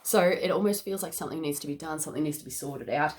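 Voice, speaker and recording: Excitable woman giving a card reading. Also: low-pitched, quick pace, a little hiss or hum. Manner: excitable, laughs often, checks in with "okay?". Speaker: tarot reader. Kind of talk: casual spiritual card reading.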